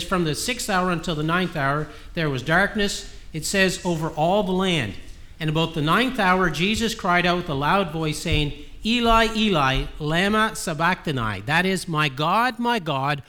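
A man preaching a sermon in an earnest way, stressing words with slow, deliberate phrases and often restarting a line. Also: high-pitched, bright, forceful tone.

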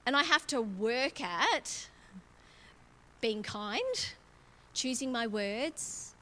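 A middle-aged woman preaching in a relaxed, chatty way, her voice sitting fairly high. She reads scripture and then talks it through with growing emphasis, like she's speaking to friends. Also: extremely slow. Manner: chatty and expressive, building emphasis as she goes. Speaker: church speaker. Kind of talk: conversational sermon with Bible reading.

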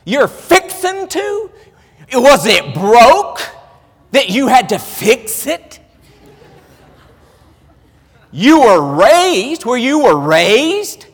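A man putting on a stern, mean female college speech teacher who scolds slowly and loudly. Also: very high-pitched, wildly swooping pitch, in a large hall, pitched above the performer's own voice, full character voice. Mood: indignant. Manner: scolding, slow, shouted.

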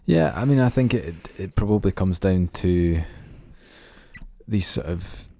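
A man hosting an interview podcast, asking questions with halting restarts. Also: low-pitched, lively intonation, mellow, no room sound. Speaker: podcast host.

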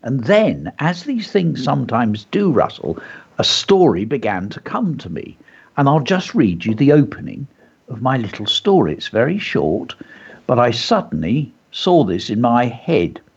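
A man's voice: medium pitch, unhurried, creaky, husky, dull audio. A man hosting a chatty show, telling anecdotes and reading out a short story of his own. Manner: chatty, animated, drops into character voices. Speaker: host. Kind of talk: casual chat and storybook reading.

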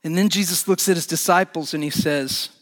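A man preaching a sermon as a pastor, animated and building to emphatic peaks. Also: on the high side, brisk, big-room sound.

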